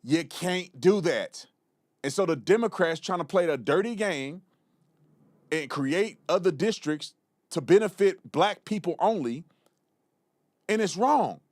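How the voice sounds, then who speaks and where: A man's voice: high voice, no echo, studio quality. A man hosting a live political commentary show, blunt and mocking in his remarks. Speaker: show host.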